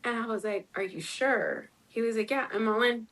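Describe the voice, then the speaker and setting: A woman's voice: a little high, normal speed, fairly bright tone, rough recording. A woman in her twenties, an interview guest, telling a personal story in a chatty way, acting out what people said and using lots of fillers. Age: 20s. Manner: chatty, acts out quoted dialogue, many "like" fillers.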